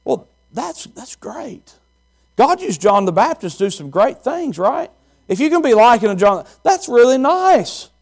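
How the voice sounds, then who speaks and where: A man preaching a folksy, animated sermon and quizzing the congregation. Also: extremely high pitch, unhurried, creaky. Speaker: pastor.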